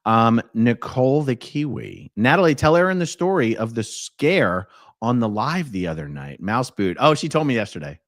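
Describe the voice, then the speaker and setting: A man hosting a casual livestream, reading out viewer comments in a relaxed way with small asides. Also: mid-range voice, moderate pace, no echo, studio quality. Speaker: livestream host.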